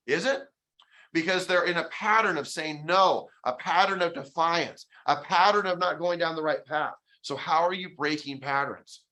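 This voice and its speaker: A man's voice: a little high, a little fast. A man giving an emphatic motivational sales training talk, acting out quoted conversations with clients as he goes. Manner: energetic, emphatic, acts out quoted dialogues. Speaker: real estate sales trainer. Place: training session.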